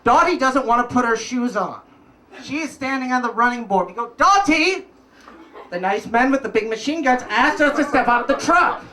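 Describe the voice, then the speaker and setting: A man telling a wry, casual personal story at a live story slam, pausing for punchlines. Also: very high-pitched, bright, forceful tone, distant mic, a little hiss or hum. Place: live event stage.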